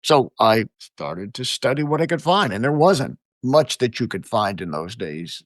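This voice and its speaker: Older American man, animated storyteller, lively pitch, dry close sound. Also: measured pace, dry recording. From United States. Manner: animated storyteller, chuckles often. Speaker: guest, exorcist. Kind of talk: storytelling interview answers.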